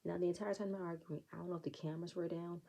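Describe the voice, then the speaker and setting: A woman with a low, gravelly voice gives a casual recap of a reality show. She is blunt, sassy and profane, and calls out the cast by name. Her tone is dark and a bit husky. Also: fairly even intonation, racing, low-quality recording.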